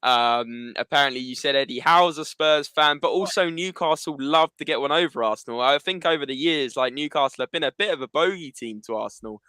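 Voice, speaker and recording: A man's voice: fairly high pitch, a little fast, hardly any pauses, bright, forceful tone, clear, resonant tone, no echo. A man chatting casually as a guest on a livestream, enthusiastic and rambling. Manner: enthusiastic, talks in loose asides. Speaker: guest pundit.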